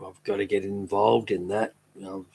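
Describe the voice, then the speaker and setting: A man's voice: lowish voice, little pitch movement, normal speed, vocal fry, darkish tone, breathy edge. A man chatting casually on a live stream, rambling fondly and laughing easily. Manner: rambling, fond and easily amused. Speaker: streamer talking to chat.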